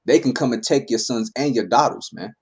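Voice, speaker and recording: A man teaches a scripture class in a loose, talky style, with a voice of ordinary male pitch. He reads a verse, then unpacks it casually and keeps asking "right?" to pull his listeners along. He talks like he is chatting with friends rather than preaching from a pulpit. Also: fairly quick, slightly rough. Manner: conversational, tags lines with "man" and "right?".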